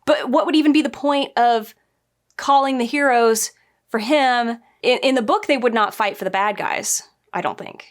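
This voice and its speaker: A woman's voice: fairly high pitch, normal speed. Chatty exasperated woman reviewer. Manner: chatty, exasperated, nitpicky, laughs often. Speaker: show reviewer. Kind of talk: casual review recap.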